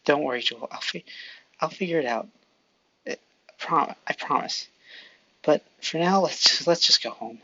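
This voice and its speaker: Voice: mid-range voice, normal speed, pauses often, a bit bright, muffled recording, lightly acted. A fan storyteller voicing an earnest, shy teenage boy hero who stammers at times, in a fan audio story.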